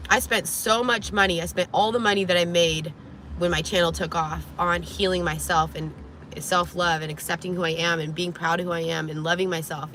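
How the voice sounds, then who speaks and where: A woman vlogger telling a personal story to camera in a casual, animated way, frank and profane, with many "like"s, from inside a vehicle. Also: deep voice, a little hiss or hum.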